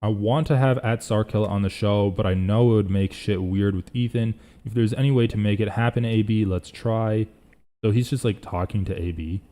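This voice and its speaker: A man's voice: fairly low pitch, moderate pace, mellow. A young man hosting a casual live reaction stream, rambling and thinking aloud as he reads chat.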